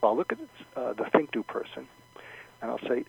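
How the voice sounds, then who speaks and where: A man's voice: animated, brisk, creaky, breathy edge. A man giving advice as a guest on a radio talk show, explaining step by step and acting out sample lines of dialogue. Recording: dull low-fidelity radio sound.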